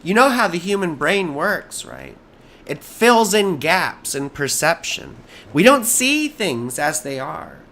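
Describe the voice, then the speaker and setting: Hoarse, rambling American astrologer man. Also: a little high, big pitch swings, slow, bright, forceful tone. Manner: rambling, easily sidetracked, jokey. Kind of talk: live-stream chart reading.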